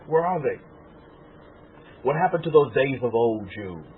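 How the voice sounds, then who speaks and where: A man from Texas preaching an emotional sermon as a rabbi, tearful and fervent, swinging from loud exclaiming to hushed murmuring. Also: mid-range voice, animated, a little slow, slight background noise. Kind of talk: emotional sermon to an online congregation. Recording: tinny phone-like audio.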